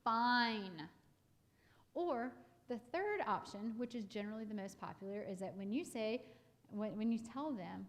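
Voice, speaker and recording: A woman's voice: medium pitch, normal speed. A woman, counseling parents in a casual live talk, chatty with many fillers and restarts. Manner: acts out parents and kids in quoted lines.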